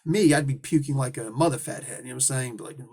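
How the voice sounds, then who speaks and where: A man giving a casual, rambling comic book review, full of restarts, asides and quick put-on voices for the characters. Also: mid-range voice, darkish tone. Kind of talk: casual solo review monologue.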